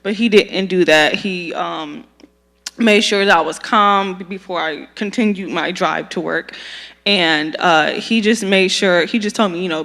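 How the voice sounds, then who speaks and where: Animated young woman in a reverberant hall. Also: fairly low pitch, unhurried. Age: young adult. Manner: animated, acts out her own reactions. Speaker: community meeting participant. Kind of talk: storytelling public comment. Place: meeting room.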